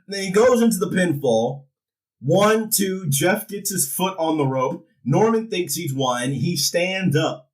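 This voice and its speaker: Recapping a wrestling show in a relaxed way, this man gets animated and jokes around, acting out what the wrestlers said. He has a high voice at a measured pace, heard through a distant mic in a low-quality recording.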